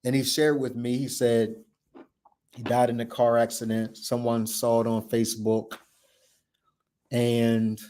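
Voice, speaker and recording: A man's voice: medium pitch, level tone, unhurried, pauses often, mellow. Male podcast host, storyteller, emphatic and repetitive delivery with acted-out dialogue. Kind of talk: personal storytelling.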